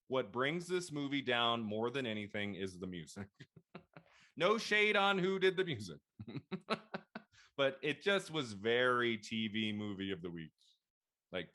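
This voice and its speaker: A man in his thirties hosting a casual film discussion, chatty and animated, laughing often as he quotes his own reactions. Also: mid-range voice, a little slow. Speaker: podcast host.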